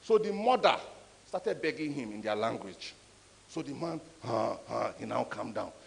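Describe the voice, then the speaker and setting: A man giving a conference talk, an animated, emphatic storyteller. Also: medium pitch, normal speed, gravelly. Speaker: conference speaker. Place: conference hall. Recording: echoey hall.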